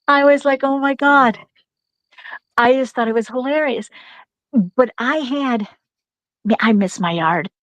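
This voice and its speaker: A woman's voice: fairly high pitch, measured pace, long pauses, no room sound, muffled recording. A middle-aged woman telling a long, rambling story in casual chat, laughing often and restarting her sentences.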